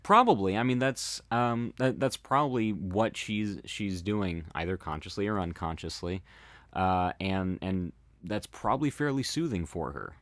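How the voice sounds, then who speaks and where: A man hosting a commentary, explaining thoughtfully in a halting way with many fillers and restarts. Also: fairly low pitch, animated, fairly bright tone, dry recording. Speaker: host analyzing body language.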